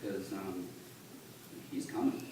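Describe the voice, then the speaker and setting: A man giving a halting, earnest personal testimony at church, recorded on a phone from the congregation. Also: sits low, lively intonation. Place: church sanctuary. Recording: echoey church on a distant phone, noisy.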